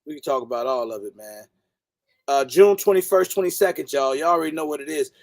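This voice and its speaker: A laid-back livestream host, a man with a fairly high voice and no room sound, talks fast in casual live chat. He greets viewers by name.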